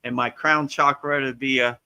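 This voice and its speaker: Man, spiritual teacher on a live Q&A; very bright, ringing tone, casual and animated delivery. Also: medium pitch, normal speed, creaky, clean tone. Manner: casual, animated, frequent "you know" and "right?"; acts out voices playfully.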